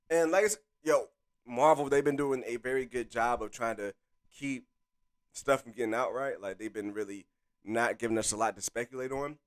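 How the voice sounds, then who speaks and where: A man hosting a live stream in casual chat, hyped and talking straight to his viewers through a desk microphone. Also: mid-range voice. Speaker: streamer host.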